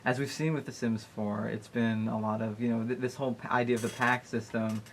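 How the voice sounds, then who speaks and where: A man with a mid-range voice co-hosts a casual podcast, making his points in a dry, measured, mock-serious tone. A faint hiss sits under the recording. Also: mid-range voice, level tone, gravelly. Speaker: podcast co-host. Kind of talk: casual chat.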